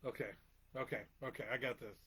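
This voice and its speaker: A man's voice: medium pitch, steady tone, fast, a bit bright, breathy edge. A man co-hosting a wrestling podcast, playing a quiz contestant, thinking aloud in playful, self-deprecating banter. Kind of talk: casual banter.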